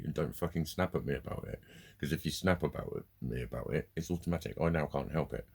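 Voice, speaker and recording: Very deep, gravelly, sweary man. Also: darkish tone. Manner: sweary, heated storytelling with laughs. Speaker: vlogger. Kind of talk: casual ranting monologue.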